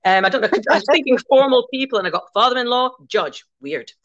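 A woman's voice: a little high, animated, fast talker, muffled recording. A woman raised in Scotland, chatting casually on a podcast as a guest who teaches Gaelic, rambling with many restarts.

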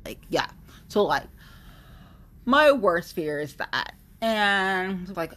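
A young woman talking in a casual monologue, rambling and animated, with blunt opinions and lots of fillers. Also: mid-range voice, takes it slowly, long pauses. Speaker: vlogger sharing opinions.

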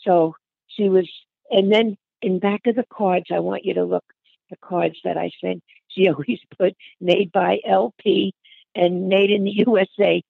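Older woman with a gravelly voice on a tinny phone line. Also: medium pitch, steady tone, a little slow, no echo. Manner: chatty, calls the listener hon and honey. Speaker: interviewee. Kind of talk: reminiscing conversation.

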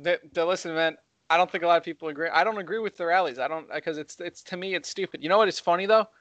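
A young man co-hosting a heated casual debate, talking fast and getting excited as he argues. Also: high voice, no room sound, muffled recording. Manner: fast, excitable, rising when worked up. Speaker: co-host.

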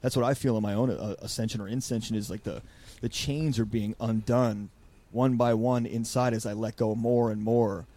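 A man hosting a podcast, talking in a rambling, animated way and acting out quotes. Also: fairly low pitch, normal speed. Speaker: podcast host. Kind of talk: casual podcast conversation.

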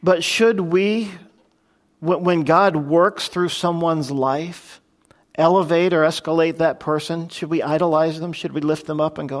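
Conversational man preaching, higher voice. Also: steady tone, measured pace. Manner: conversational, acts out quoted voices, asks rhetorical questions. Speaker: pastor. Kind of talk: expository sermon.

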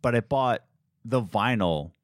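A young man co-hosting a podcast, telling animated stories in casual chat and acting out the people he quotes. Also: medium pitch, unhurried, no room sound, clean studio sound. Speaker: podcast co-host.

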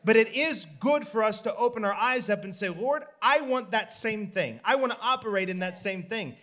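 A man preaching a sermon, telling a story with energy and acting out the people in it. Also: moderate pace. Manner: animated storytelling, acts out the people in the story in higher voices, laughs.

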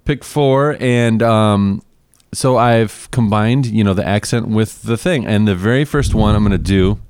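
A man's voice: fairly low pitch, measured pace, darkish tone, smooth, dry recording, studio quality. A middle-aged man co-hosting a podcast in casual chat, playful and mock-boastful, stretching out words for emphasis. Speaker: podcast co-host.

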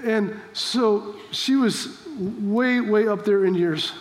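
A man's voice: high-pitched, slow pace, long reverb tail. A man preaching a sermon as pastor, fervent and exhorting, telling stories to make his points. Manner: fervent, exhorting, with storytelling asides.

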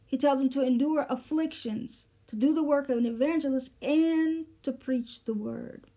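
A woman with a high, soft-toned voice leads a verse-by-verse Bible teaching. She explains the meaning of each Greek word at an unhurried pace, pausing often with fillers and restarting her phrases. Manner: explanatory, breaks down Greek words, frequent fillers.

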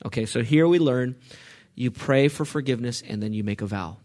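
A man with a mid-range voice preaches briskly on the Psalms. He reads scripture quietly, poses questions to his listeners, and breaks into loud, emphatic outbursts.

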